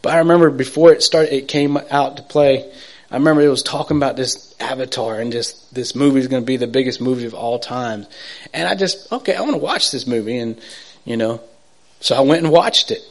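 A middle-aged man giving an emotional personal testimony, halting and repetitive, swinging from urgent to hushed. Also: medium pitch. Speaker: testimony speaker.

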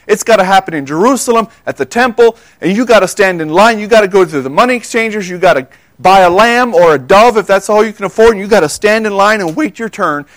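Male pastor preaching, slightly high voice, earnest and questioning, stumbles over words, dry close sound. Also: no room sound. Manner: earnest, asks the audience questions, quiet for quoted words. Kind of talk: sermon.

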